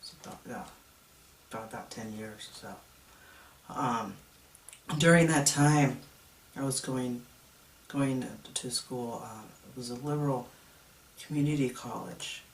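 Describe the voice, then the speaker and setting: Man in his thirties, slow confessional testimony, mic set back in a roomy space. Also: medium pitch, slight background noise. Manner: reflective, confessional storytelling. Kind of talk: personal testimony vlog. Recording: echoey room, mic at a distance.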